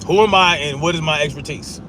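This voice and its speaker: A man's voice: fairly high pitch, fairly quick, background noise. A man arguing back at chat comments during a casual live stream, profane and repeating himself for emphasis.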